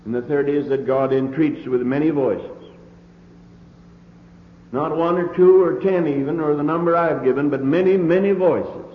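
A man's voice: fairly high pitch, moderate pace, a little hiss or hum. Guy preaching a sermon, earnest and emphatic, big echoey hall, tinny old tape sound.

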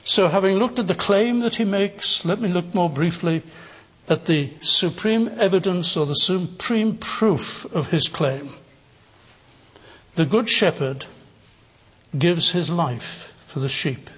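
A man's voice: high-pitched, slow pace, fairly bright tone, husky. An older man preaching a sermon, earnest, with emphatic stresses on repeated phrases. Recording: dull reverberant hall recording.

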